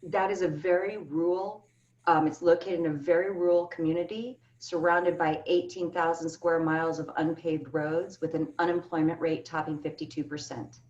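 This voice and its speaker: A woman's voice: sits low, steady tone, normal speed, a little mellow. A woman speaking as a keynote speaker, answering panel questions earnestly and with emphasis over a video call. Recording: echoey, distant, dull video call audio.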